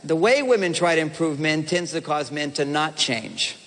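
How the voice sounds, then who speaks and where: A man giving a seminar talk to a live audience, animated and playful, acting out the voices of husbands and wives. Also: fairly high pitch, moderate pace. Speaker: relationship speaker. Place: large hall with audience. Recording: reverberant hall sound.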